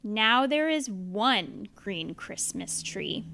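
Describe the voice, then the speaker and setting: A woman's voice: on the high side, big pitch swings, slow, a bit bright, no echo. A woman reading a children's picture book aloud in a playful, bouncy manner. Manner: playful, bouncy, with animal noises. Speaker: storybook reader. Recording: dry and close.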